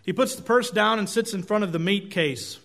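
A man's voice: high-pitched, normal speed, a bit bright. A middle-aged male pastor giving a conversational, self-deprecating sermon with folksy storytelling.

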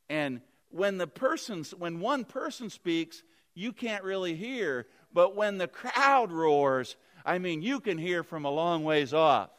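A man's voice: fairly high pitch, a bit bright. A man preaching a sermon, retelling a Bible story earnestly and vividly with restarts.

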